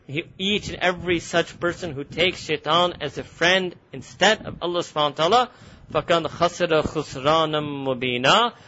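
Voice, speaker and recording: Male Quran teacher, rapid, animated and laughing, high and bright voice, lo-fi lecture recording. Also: slight background noise. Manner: animated, laughs often, switches between English and Urdu. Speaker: religious teacher.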